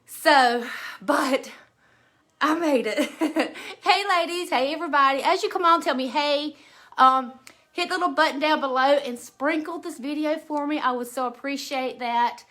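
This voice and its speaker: A friendly-sounding Southern woman with a high voice talks casually on a home live stream. She keeps up a chatty, drawling stream of greetings to her viewers as she works. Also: normal speed, sharp tone. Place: at home beside a Christmas tree.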